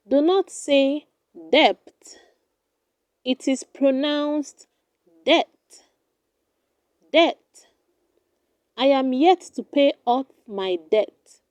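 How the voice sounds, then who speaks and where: A woman reading a scripted pronunciation drill, saying each word deliberately and then repeating it. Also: sits high, dark tone, no room sound. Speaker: pronunciation teacher.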